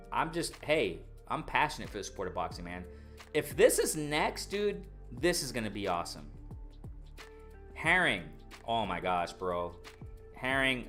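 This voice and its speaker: A man hosting a live boxing stream who reads viewer comments aloud and reacts with excitable, repetitive commentary. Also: lowish voice. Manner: excitable, repeats himself, reads chat aloud. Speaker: boxing livestream host. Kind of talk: live chat reading and commentary.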